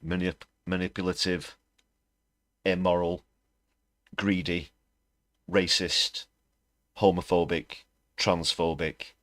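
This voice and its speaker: A man's voice: sits low, flat delivery, slow pace, pauses often, fairly bright tone, no echo, clean studio sound. A British man hosting a political livestream, talking bluntly and scornfully, with fillers as he thinks aloud. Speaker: host.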